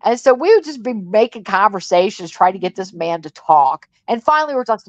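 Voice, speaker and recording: A woman's voice: medium pitch, sing-song, brisk, hardly any pauses, no echo. A woman from Missouri co-hosting a livestream, talking in a chatty, rambling and frank way. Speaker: livestream co-host. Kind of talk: casual chat. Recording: dull lo-fi dry sound.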